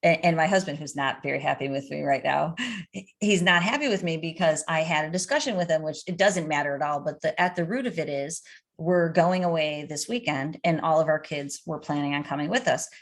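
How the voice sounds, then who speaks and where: A middle-aged woman with a slightly low voice answers questions as a coach. She talks in an animated, storytelling way and uses everyday anecdotes. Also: fairly quick. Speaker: addiction coach. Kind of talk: conversational interview answers.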